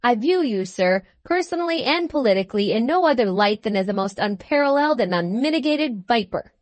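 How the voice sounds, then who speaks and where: A pompous male editor rages in an indignant, blustering voice, put on by a woman reading a storybook aloud. The voice sits fairly high and sounds close and dry. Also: animated, brisk, no room sound, close to an everyday voice. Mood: furious.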